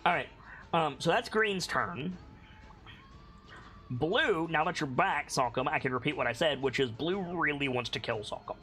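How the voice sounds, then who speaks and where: A man running a tabletop game as game master, talking in halting bursts with many restarts. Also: a little high, animated, bright, forceful tone, faint music behind.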